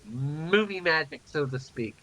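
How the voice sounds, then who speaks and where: A man's voice: fairly high pitch, animated, measured pace, bright, forceful tone. A man co-hosting a live stream with casual, playful, teasing talk. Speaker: streamer co-host.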